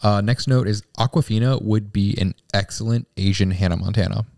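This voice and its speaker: A man's voice: fairly low pitch, a little fast, gravelly, darkish tone. A man co-hosting a casual movie podcast, rambling and self-deprecating with lots of filler words. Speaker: podcast co-host.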